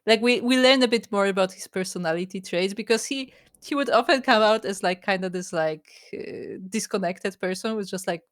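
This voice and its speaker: A woman's voice: mid-range voice, fairly quick, hardly any pauses, no room sound. Chatty woman co-host, dry close sound. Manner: chatty, frequent backchannel agreement. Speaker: podcast co-host. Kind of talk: casual review chat.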